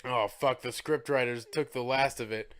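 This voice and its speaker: A man's voice: medium pitch, fairly even intonation, moderate pace, noisy background. A man co-hosting a podcast, recapping a movie in laid-back, jokey, profane chat. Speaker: podcast co-host.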